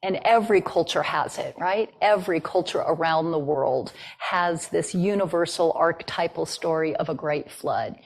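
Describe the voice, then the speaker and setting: A woman's voice: sits low, normal speed, hardly any pauses. A woman giving a talk and telling a traditional story in a conversational way, with fillers. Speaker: guest speaker.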